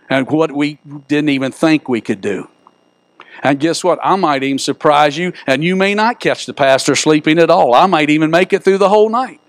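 A middle-aged pastor preaches a sermon in a church sanctuary, folksy and joking as he tells stories. His voice is a little high, and there's no echo.

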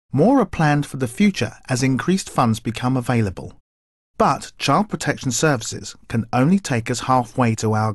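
A man's voice: medium pitch, no room sound, clean studio sound. A man with a British accent, a voice artist reading ads and narration in a cheerful announcer delivery. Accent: British English. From Britain.

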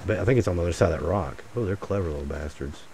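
A gaming channel host with a low, darkish voice talks at a racing clip, rambling and cracking jokes to his viewers as he plays a survival game. He mutters asides throughout this casual solo commentary, and there's slight background noise.

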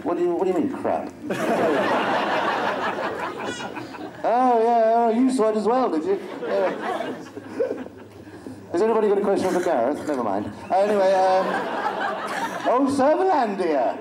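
A man's voice: high voice, sing-song, a little slow, pauses often. A middle-aged man joking wryly as a convention panel guest before an audience. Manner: wry, dry self-mocking humor. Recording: echoey hall with crowd noise.

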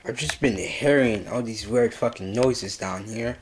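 A man's voice: medium pitch, measured pace, background noise. A young man vlogging in a home basement, swearing constantly in a disgusted, agitated comedic skit. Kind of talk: scripted comedic vlog skit.

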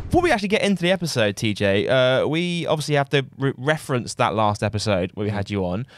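A man's voice: mid-range voice, very animated, no echo, clean studio sound. A British man hosting a sports podcast, joking around and laughing often. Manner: jokey, laughs often, quick. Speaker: podcast host. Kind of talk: casual chat.

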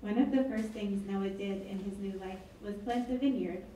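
A woman's voice: medium pitch, normal speed, mellow, recorded from a distance, a little hiss or hum. Woman reading aloud in an echoey hall. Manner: wry, chatty storytelling. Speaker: author reading her work. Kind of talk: public reading with asides. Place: event hall. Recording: echoey hall, mic from afar.

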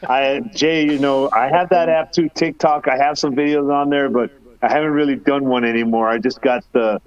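A man's voice: mid-range voice, fairly even intonation, moderate pace, smooth, dull audio. A man chatting as a guest on a livestream, easygoing and agreeable. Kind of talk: casual group chat.

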